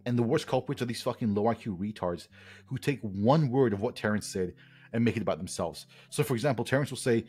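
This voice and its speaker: A man's voice: mid-range voice, quick pace, a little mellow, husky, soft background music. A man co-hosting a podcast in casual chat, ranting heatedly with lots of swearing. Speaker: podcast co-host.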